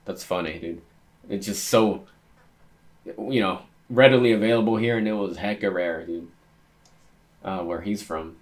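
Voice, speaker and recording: Low-voiced guy reacting to a manga chapter. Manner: excitable, reads panels aloud, thinks out loud. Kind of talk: casual reading and reacting.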